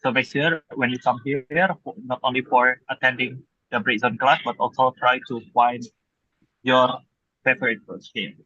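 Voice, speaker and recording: Online class host, man, raspy voice, muffled dry recording, casual promo patter. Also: mid-range voice, flat delivery, moderate pace, sharp tone, no room sound. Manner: promotional, casual, filler-heavy.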